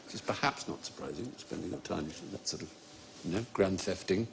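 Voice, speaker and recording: A man's voice: low-pitched, expressive, fairly quick, gravelly, very noisy. A man hosting a comedy panel quiz, explaining things in a chatty way and laughing easily. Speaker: quiz host. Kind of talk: panel show chat.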